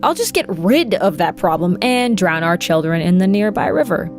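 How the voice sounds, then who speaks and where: A woman's voice: fairly low pitch, lively intonation, moderate pace, soft background music. A woman putting on a flippant young mother in a sarcastic, mock-sweet voice while telling a legend.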